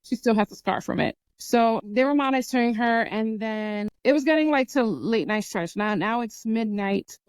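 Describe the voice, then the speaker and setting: A young woman hosting a podcast earnestly retells a personal story in casual talk, acting out people's lines and imitating sounds with lively energy. Her fairly high voice is clear and resonant, moving at a moderate pace with hardly any pauses and no room sound.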